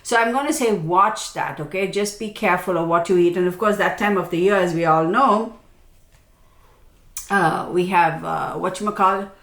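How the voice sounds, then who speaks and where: A woman's voice: fairly low pitch, moderate pace, fairly bright tone. Chatty woman astrologer in an echoey room. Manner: chatty and self-mocking, keeps checking in with "okay?". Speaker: astrologer giving a yearly forecast. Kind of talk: casual forecast monologue to viewers.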